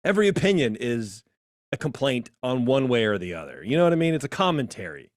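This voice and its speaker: A man co-hosting a podcast in casual, opinionated chat, animated and jumping into high mocking voices. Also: fast talker, dry recording, studio quality. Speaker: podcast co-host.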